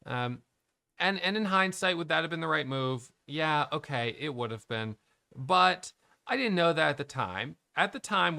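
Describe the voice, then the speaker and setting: Middle-aged male trading educator, gravelly bright voice, candid and self-questioning, dry close sound. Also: fairly high pitch, no echo. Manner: candid, self-questioning, thinking aloud with restarts. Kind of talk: reflective trading recap to camera.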